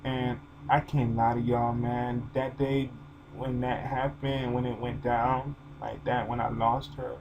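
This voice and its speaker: A man's voice: medium pitch, fairly even intonation, a little slow, a little mellow, slight background noise, poor audio. A man talking to his channel in an emotional, informal, rambling way, full of fillers. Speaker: vlogger. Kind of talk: personal video monologue.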